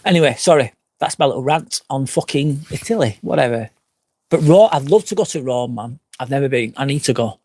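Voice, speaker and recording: A man's voice: mid-range voice, expressive, fairly quick, darkish tone. Tipsy, foul-mouthed man ranting casually. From England. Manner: rambling and profane, reads out viewer comments. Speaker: vlogger hosting a live stream. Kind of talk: casual live-stream chat. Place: outdoors by a fire pit at a glamping site.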